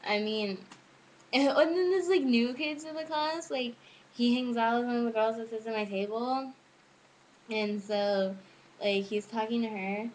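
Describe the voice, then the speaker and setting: A woman's voice: fairly high pitch, unhurried, slight background noise, poor audio. A teenage girl chatting casually to camera as a vlogger, rambling and giggly. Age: teens. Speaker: student vlogger.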